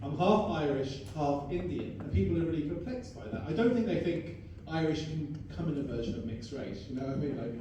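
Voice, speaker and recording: A man's voice: fairly high pitch, animated, a little fast, few pauses. Young man, London accent, stand-up comedian, playful, self-mocking, echoey live club, audible room noise. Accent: London English. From London, England. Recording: echoey room from a distance, crowd ambience.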